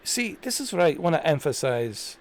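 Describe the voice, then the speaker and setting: A man's voice: a little high, sing-song, moderate pace. A man hosting a commentary video, ranting in an indignant, repetitive way and hammering the same points. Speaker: commentary channel host.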